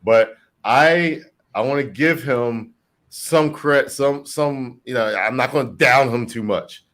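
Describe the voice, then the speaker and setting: A man's voice: mid-range voice, slow pace. Rambling man from New Jersey. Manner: rambling, animated, repeats himself. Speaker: co-host. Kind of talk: casual livestream chat.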